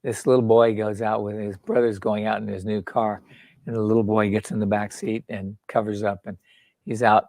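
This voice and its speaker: Low-voiced older man, blunt, swears, tells jokes, dry close sound. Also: flat delivery, normal speed, a little mellow, dry recording. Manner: blunt, swears freely, jokey storyteller. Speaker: author and founder, interview guest. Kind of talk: casual conversation.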